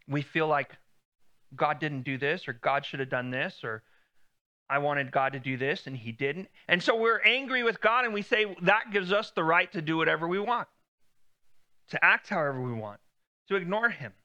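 Bright-voiced, high male preacher. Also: expressive, normal speed, highs cut off. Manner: conversational preaching, quotes God with rising emphasis. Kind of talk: sermon.

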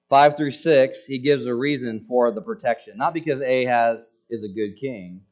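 A man's voice: medium pitch, a little mellow, lo-fi sound. A man preaching a sermon in a conversational, joking way, acting out quoted lines with emphasis. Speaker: pastor.

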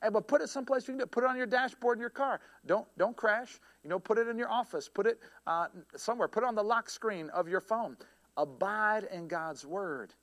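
Pastor, high-pitched male voice, folksy and joking, talks to the congregation like friends. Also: fast talker, hardly any pauses, fairly bright tone. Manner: folksy, joking, conversational preaching. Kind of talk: sermon.

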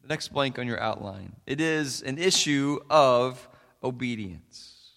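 A man's voice: medium pitch, takes it slowly, gravelly, a bit bright. Folksy pastor man in an echoing hall. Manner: folksy storytelling with many fillers. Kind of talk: sermon.

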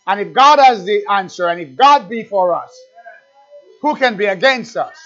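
A man's voice: high voice, animated, moderate pace, fairly bright tone. A man preaching a sermon in a conversational way, often repeating words and asking his listeners questions. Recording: dull lo-fi recording with faint music.

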